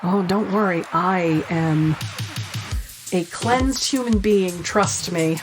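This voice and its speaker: A woman co-hosting a podcast in casual chat, retelling a film in a lively way and swearing freely. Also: on the low side, slow, over music. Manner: lively storyteller, swears freely, acts out quotes. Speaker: podcast co-host.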